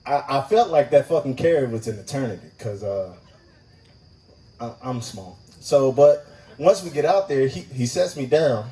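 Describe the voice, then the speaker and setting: At a live open mic, a stand-up comic tells a profane story and animatedly acts out the voices of its characters. His mid-range voice is unhurried, with long pauses, picked up by a distant mic on a low-quality recording.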